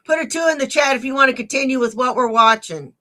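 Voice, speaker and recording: Bright-voiced woman live-stream host. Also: high voice, fast. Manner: chatty, thanks donors and greets viewers by name; blunt, teasing insults. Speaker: livestream host. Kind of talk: casual live-stream chat.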